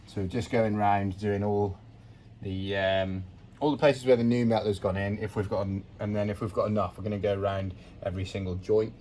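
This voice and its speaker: A man's voice: lowish voice, flat delivery, moderate pace, a little mellow, slight background noise. A man casually walking through the build of his converted bus, plain-spoken and self-deprecating, rambling along. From United Kingdom. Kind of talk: casual narrated build vlog. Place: inside a bus being converted.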